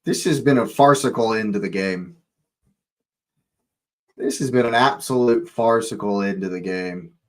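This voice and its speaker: A man's voice: fairly low pitch, measured pace, long pauses, poor audio. A man hosting a live football watch-along, reacting with exasperated, swearing outbursts.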